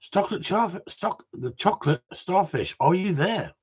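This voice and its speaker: Husky man chatting on a live stream. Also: high-pitched, expressive, measured pace, darkish tone. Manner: banter-filled, swears, reads viewer messages aloud. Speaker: gundog trainer hosting a live stream. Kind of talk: casual live-stream chat reading viewer comments. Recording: dull lo-fi sound.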